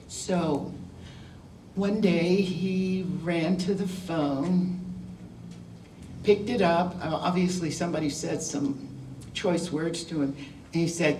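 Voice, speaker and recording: A woman's voice: on the low side, fairly even intonation, slow pace, pauses often, darkish tone, a little hiss or hum. An older woman giving a candid, wry talk to a school class, telling her own story in a conversational way. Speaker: guest speaker. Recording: roomy sound from a distant mic.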